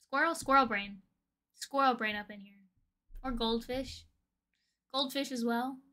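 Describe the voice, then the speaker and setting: A woman's voice: sits high, unhurried, pushed and bright. A young woman hosting a livestream, chatting casually and rambling with a giggly manner. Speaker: livestream host.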